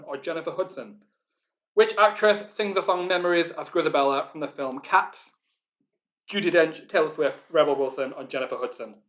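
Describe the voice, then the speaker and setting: A man with a Northern English accent hosting a live online pub quiz, chatting informally with lots of ums and reading each question out slowly, then repeating it. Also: fairly high pitch, fairly bright tone. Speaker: quiz host.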